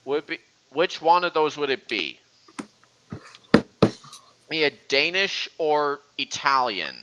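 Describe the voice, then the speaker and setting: A man's voice: fairly high pitch, sing-song, slow pace, bright, forceful tone, lo-fi sound, a little hiss or hum. A young man hosting a casual voice-chat stream, rambling and often restarting his sentences. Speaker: stream host.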